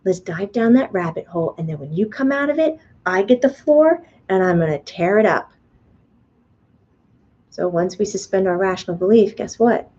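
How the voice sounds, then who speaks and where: Animated woman teaching a live online class. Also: medium pitch, moderate pace, husky, muffled recording. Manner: animated, chatty, playfully acts out the mind's voice. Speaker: spiritual teacher and medium. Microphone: webcam or computer mic on a video stream.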